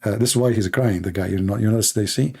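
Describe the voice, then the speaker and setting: A man's voice: on the low side, gravelly, mellow, husky. Sarcastic man. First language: Arabic. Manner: sarcastic, joking, drawn-out mock voices. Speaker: debate streamer. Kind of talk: mocking live-stream commentary.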